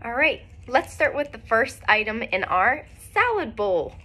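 A woman teacher leading a recorded phonics lesson for young children, speaking clearly and encouragingly with frequent praise. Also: a little high, very animated, unhurried, pushed and bright.

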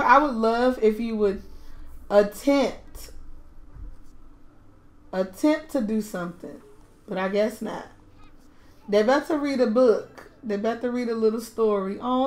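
A woman giving casual gameplay commentary, doting and gushing over her toddlers. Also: on the high side. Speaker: game streamer.

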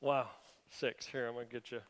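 A man's voice: mid-range voice, little pitch movement, moderate pace. A male pastor responding to a testimony and moving into his sermon, encouraging and building to fervent praise. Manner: warm encouraging, rising to fervent exhortation. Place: church sanctuary.

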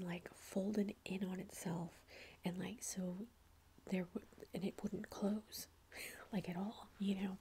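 ASMR creator, female, whispers throughout in a very breathy tone, casual and rambling. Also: mid-range voice, darkish tone. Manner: rambling storytelling with many fillers.

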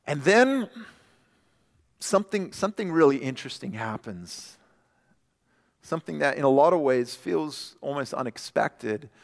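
A male pastor preaching a sermon in a conversational way, stumbling and restarting, then dropping soft and quiet for scripture. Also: mid-range voice, sing-song, a little slow, creaky, long pauses. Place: church sanctuary. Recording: long church hall reverb.

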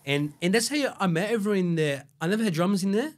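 A man's voice: high-pitched, animated, fast talker. A man from Brazil who grew up in Australia, with an Australian accent, telling his story as a podcast guest in a loose, rambling way with lots of swearing and fillers. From Brazil, raised in Australia. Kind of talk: casual storytelling interview.

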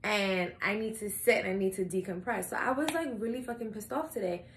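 A woman's voice: medium pitch, brisk. A young woman talking in a casual confessional vlog, blunt and swearing, acting out her own lines as she tells stories. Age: young adult. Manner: animated storytelling, acting out her own quotes. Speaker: vlogger. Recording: echoey room with faint ambient noise.

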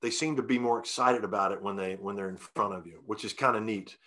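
A man telling stories in a relaxed interview, folksy and rambling, with many restarts and fillers. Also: on the low side, fast talker. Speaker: guest singer-songwriter. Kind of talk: casual interview storytelling.

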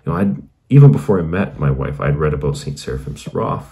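Very deep-voiced man telling his story. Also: animated, fast talker, dark tone. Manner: earnest, meandering, heavy on "you know". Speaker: channel host. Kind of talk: personal conversion story.

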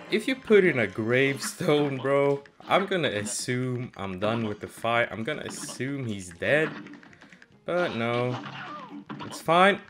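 A young man giving casual gaming commentary, swearing and frustrated, with loud outbursts. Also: mid-range voice, big pitch swings, slow pace, a little hiss or hum. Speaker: gameplay streamer.

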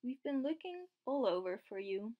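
A woman reading aloud as a lively, enthusiastic young woman. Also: on the high side, moderate pace, lo-fi sound.

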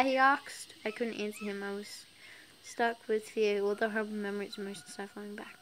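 A woman's voice: medium pitch, steady tone, moderate pace, a little hiss or hum, poor audio. A young woman reading a fan story aloud, breaking off to giggle and comment, often stumbling over words. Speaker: fan fiction reader.

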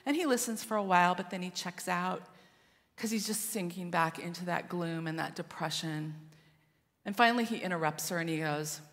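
A female pastor preaches a story-style sermon in a church sanctuary, her delivery moving between loud and quiet passages. She speaks on the low side at a normal speed, and the room leaves a long reverb tail.

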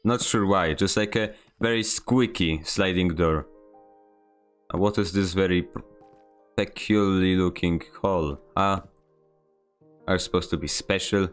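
A man's voice: deep voice, a little slow, pauses often, clear, resonant tone, faint music behind. A man from Poland with a Polish accent, streaming a game and chatting with viewers in a rambling, self-deprecating way. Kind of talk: casual gameplay stream commentary.

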